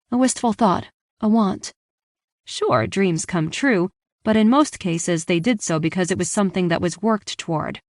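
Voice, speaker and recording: Here a woman of medium pitch narrates a first-person romance audiobook in studio-quality sound with no room noise. She keeps the narration steady and engaged and lets the dialogue lift and come alive.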